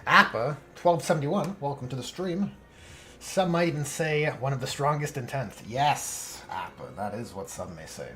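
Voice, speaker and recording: Man, relaxed hobby stream host, dry joking, animated pitch, casual chat. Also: moderate pace, a little hiss or hum. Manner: laid-back, dry joking, reads chat aloud. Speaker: streamer painting miniatures.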